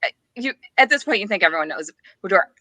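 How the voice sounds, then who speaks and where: A woman's voice: medium pitch, lively intonation, quick pace, pushed and bright, no echo. A woman co-hosting a podcast, telling a story in casual chat and laughing often. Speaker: podcast co-host.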